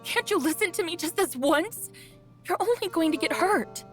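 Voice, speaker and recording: A sharp-tongued, worried young woman scolds in a very high, animated voice. Game music plays clearly underneath. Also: moderate pace. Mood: scolding. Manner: scolding, urgent.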